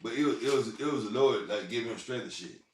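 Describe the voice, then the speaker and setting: Seated far from the microphone in a roomy space, with slight background noise, a male vlogger tells meandering personal anecdotes. His voice is mid-pitched, and his speech is halting, full of repeated restarts and casual profanity.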